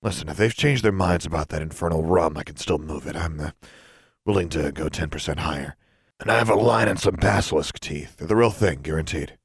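Gruff, brusque shopkeeper wizard, big and intimidating ; a male narrator puts him on, raised a little above a deep voice, dry close read. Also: fairly quick, hardly any pauses, dry recording, heavily acted. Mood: conspiratorial. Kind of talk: audiobook character voice.

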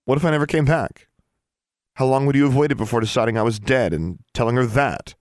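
A man's voice: medium pitch, a little fast, darkish tone, dry recording, studio quality, voice pushed up, lightly acted. A man voicing Alexandra, an upset, defiant teenage girl student, in a lightly raised, tense voice in an audiobook. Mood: indignant.

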